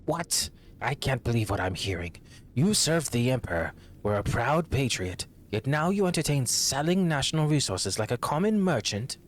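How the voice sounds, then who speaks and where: A streamer putting on the voice of an indignant, scornful older noble while reading game text aloud. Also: male voice, medium pitch, sing-song, moderate pace, a little hiss or hum, voice pushed up, lightly acted. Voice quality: mock-indignant, exaggerated.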